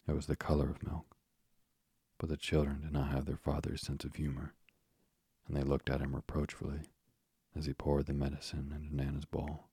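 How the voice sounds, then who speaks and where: A man narrates a bedtime story in an extremely deep, flat voice with heavy vocal fry. His tone is breathy and husky, and the recording is close and dry. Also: normal speed, no echo. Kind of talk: slow soothing sleep-story narration.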